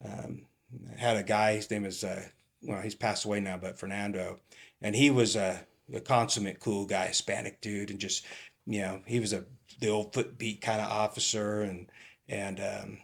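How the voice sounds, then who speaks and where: A middle-aged retired police captain from California tells stories in a casual interview, rambling and halting, full of fillers and restarts. His voice is lowish and level in tone, with vocal fry.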